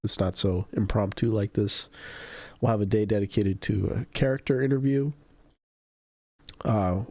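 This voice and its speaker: A man's voice: normal speed, no room sound. Casual man hosting a podcast stream. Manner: animated storytelling, high-pitched quoted voices. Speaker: podcast host. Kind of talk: casual livestream chat.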